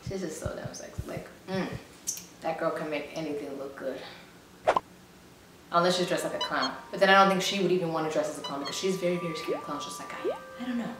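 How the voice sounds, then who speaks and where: A woman's voice: on the low side, lively intonation, quick pace, over music. A young woman vlogging casually, chatty and rambling with a playful manner. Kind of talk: casual vlog reading comments. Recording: very echoey room, faint noise.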